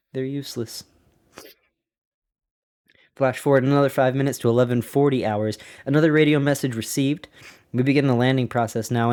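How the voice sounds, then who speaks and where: A man hosting a casual podcast, reading a diary aloud and breaking off into animated, incredulous asides to his listeners. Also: medium pitch, smooth. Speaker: podcast host.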